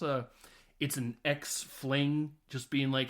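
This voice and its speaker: A man's voice: medium pitch, takes it slowly. A man casually recapping a movie on a podcast, laughing often and acting out lines from the film. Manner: animated, laughing, doing voices of film characters. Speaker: podcast host.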